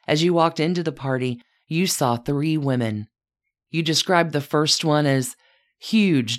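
A woman podcast host giving scripted narration, telling a life story as a letter addressed to its subject as "you". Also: rumbling low.

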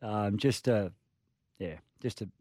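Frank radio co-host, gets worked up. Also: male voice, on the low side, slow, warm tone, dry recording, studio quality. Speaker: radio co-host, former player. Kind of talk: sports radio talk. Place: radio studio. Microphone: studio microphone.

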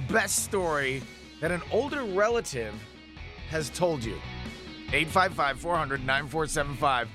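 A man co-hosting a radio show in casual chat, tossing in quips and pitching a call-in question. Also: animated, over music. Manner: quick quips and upbeat show prompts.

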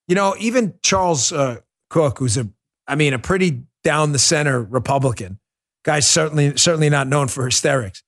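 A man's voice: a little high, moderate pace, fairly bright tone. A man hosting a political commentary show, delivering a heated, emphatic monologue. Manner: fiery, emphatic, repetitive ranting.

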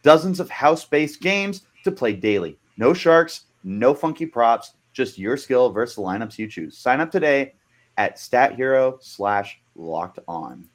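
A man's voice: mid-range voice, lively intonation, unhurried. A man hosting a casual sports podcast, bantering playfully and teasing his co-host.

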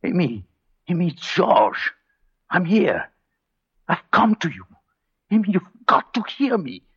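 A man playing the leading husband and narrator in a 1940s radio drama, talking in a hushed, intense, pleading way. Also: sits high, big pitch swings, takes it slowly, slightly rough, exaggerated voice. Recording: dull 1940s radio broadcast with faint music.

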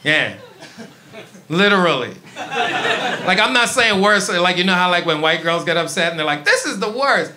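Performing stand-up on a comedy club stage, a man with a New York accent from East New York, Brooklyn tells animated stories, shouting loud punchlines and voicing characters. His voice sits high, his pace is normal, and he leaves long pauses. Loud audience noise and laughter fill the recording.

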